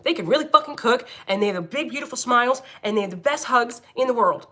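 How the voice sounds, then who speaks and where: Bright, brash Philadelphia woman. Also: on the high side, animated, fast. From Philadelphia, United States. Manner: blunt, profane, laughs often. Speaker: livestream host, angel medium. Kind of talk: casual livestream chat reading comments.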